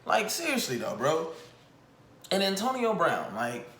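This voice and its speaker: A young adult man giving casual commentary in an animated, exasperated, mocking way. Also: fairly high pitch, measured pace, a little hiss or hum. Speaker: commentary vlogger. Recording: echoey room.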